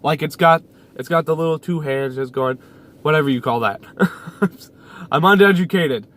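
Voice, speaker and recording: A young YouTuber with a somewhat high, fairly bright voice chats to his viewers from his parked car at a moderate pace. His delivery is a loose, casual vlog ramble packed with fillers and repeated lines, recorded by a camera mounted on the dash.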